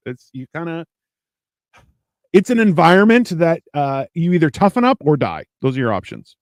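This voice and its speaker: A man's voice: on the high side, moderate pace, no echo, clean studio sound. A man co-hosting a casual podcast, telling profane stories and acting out what people said. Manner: animated storyteller, acts out quotes, profane. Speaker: podcast co-host. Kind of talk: casual storytelling chat.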